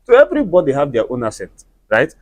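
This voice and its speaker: A man's voice: on the high side, huge pitch swings, fast, no room sound. A Nigerian man with an Igbo accent, a native Igbo speaker, chatting in a casual, opinionated movie review and lecturing the listener with conversational tags.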